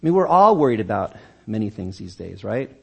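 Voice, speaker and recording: Gravelly-voiced pastor preaching conversationally. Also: male voice, lowish voice, very animated, a little fast, a little mellow. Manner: conversational, repeats and restarts words. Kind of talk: sermon. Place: church.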